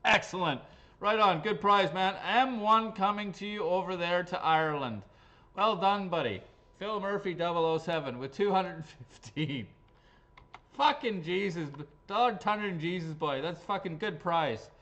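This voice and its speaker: A boisterous Irish fellow bellows with glee, his voice jumping well above its usual pitch, cursing happily as he cheers someone on, as a man puts him on. He is loud and jubilant throughout. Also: moderate pace. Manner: shouting, jubilant, swearing. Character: loud excited Irish man hailing a winner.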